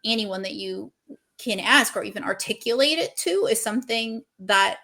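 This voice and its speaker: Woman, author, interview chat, video call, earnest, expressive, a little gravelly. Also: on the high side, normal speed. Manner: earnest and expressive, laughs often, thinks aloud with fillers.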